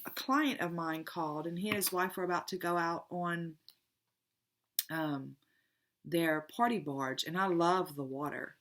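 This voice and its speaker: A woman's voice: on the low side, a bit bright. A middle-aged woman, a tarot reader telling a personal story in a rambling, heartfelt, emotional way in a casual spiritual vlog.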